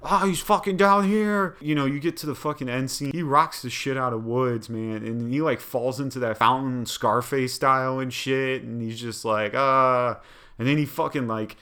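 A young man chatting casually as a podcast co-host, at a middling pitch. He tells the story in a loose, rambling way and swears constantly. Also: steady tone, moderate pace, few pauses, fairly bright tone, smooth. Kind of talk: casual chat.

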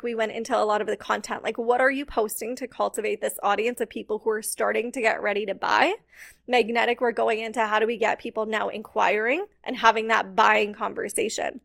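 A young adult woman hosting her own podcast, talking as a business coach in a casual, chatty, upbeat way with many "like" fillers. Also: fairly high pitch. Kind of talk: casual solo podcast talk.

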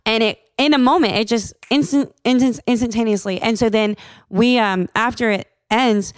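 A woman telling a church testimony in a casual, animated way, acting out the people she quotes. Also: a little high, moderate pace, clean tone, dry recording, studio quality. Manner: animated, acts out quoted voices.

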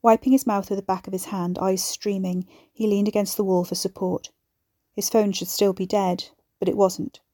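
A woman narrating a horror audiobook in a measured, even storytelling voice. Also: medium pitch, no echo, clean studio sound.

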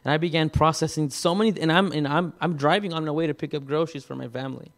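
A man preaching, telling a personal story in a halting way, with many repeated words and restarts. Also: a little high, fairly even intonation. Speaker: pastor. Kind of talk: sermon testimony.

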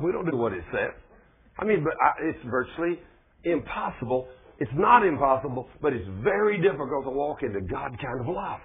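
A man preaching a sermon in a folksy, conversational way, husky, pushing hard on key points. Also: medium pitch, big pitch swings, fairly quick. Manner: folksy, conversational preaching with plain speech and rising emphasis. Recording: phone-like, thin lo-fi recording.

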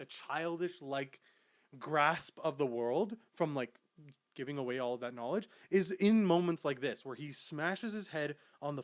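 A young man with a fairly high-pitched voice hosts a casual podcast about manga, and he rambles through his points with plenty of fillers. He gets more and more excitable as he goes. The recording is close and dry, with no room sound. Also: no room sound. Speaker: podcast host.

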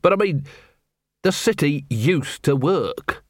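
A man's voice: on the high side, animated, slow pace, dry recording. A man voicing a dry, world-weary middle-aged watch captain in an audiobook.

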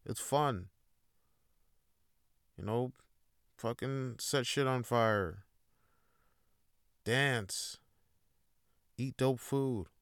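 A man's voice: medium pitch, extremely slow, pauses often, fairly bright tone, smooth, no echo, clean studio sound. A man hosting a solo podcast, talking in a rambling, laid-back way with a lot of swearing. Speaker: podcast host. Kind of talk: casual solo monologue.

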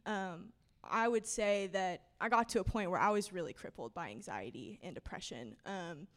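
A woman's voice: mid-range voice, animated, normal speed, fairly bright tone. A young woman tells her faith story to a church congregation. She talks in a casual, earnest way, filling her speech with "like" and "y'all" and laughing often. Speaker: church member sharing testimony. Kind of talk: personal testimony to a church congregation.

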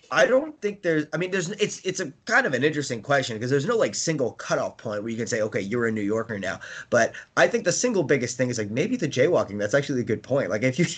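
A man in casual chat, rambling with many fillers and restarts and laughing often as he talks. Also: medium pitch. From United States. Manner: laughs often while talking.

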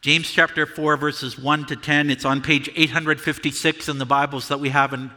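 Bright-voiced preacher in a reverberant church. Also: male voice, on the high side, level tone. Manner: measured preaching, shouts example words. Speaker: pastor. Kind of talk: sermon.

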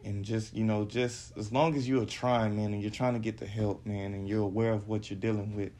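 A man telling a personal story on his podcast, halting and repeating words. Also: lowish voice, flat delivery, mellow. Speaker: podcast host.

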